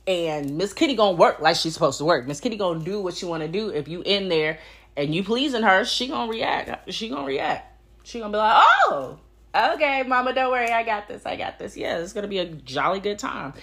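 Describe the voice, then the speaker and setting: Profane, animated young woman ranting. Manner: blunt, profane, animated storytelling with big pitch swings. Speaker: podcast host. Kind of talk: casual solo podcast rant.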